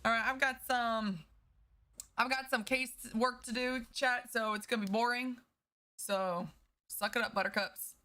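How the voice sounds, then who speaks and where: A woman's voice: a little high, fairly even intonation, bright, forceful tone, faint music behind. A woman streaming a game, chatting casually and upbeat with her viewers at a desk mic. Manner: chatty and upbeat, quick bursts with laughs.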